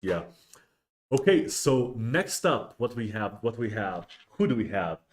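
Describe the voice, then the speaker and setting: A man's voice: medium pitch, very animated, unhurried. A man hosting a casual livestream, rambling with many restarts and fillers. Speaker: host of a miniatures livestream.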